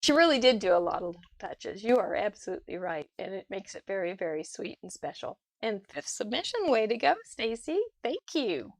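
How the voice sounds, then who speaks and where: A woman's voice: medium pitch, big pitch swings, fairly quick, few pauses, no room sound, clean studio sound. A woman hosting a live crafting show over a video call, gushing over viewers' cards with frequent laughs. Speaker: host. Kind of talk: casual livestream chat.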